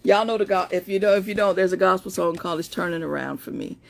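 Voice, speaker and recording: A woman coach chatting excitedly and directly with her followers during a live stream from home, and reading out her own pep talks. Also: on the low side, quick pace, creaky. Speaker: motivational coach. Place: at home, indoors.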